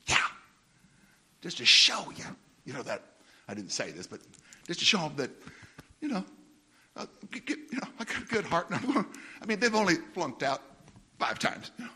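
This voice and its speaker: A middle-aged man preaching with a lively, swooping delivery and a slightly husky edge. His voice is bright and pitched a little high, and he laughs through his storytelling. He jumps into high, comic impressions of other people. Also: moderate pace, pauses often. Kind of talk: humorous sermon storytelling.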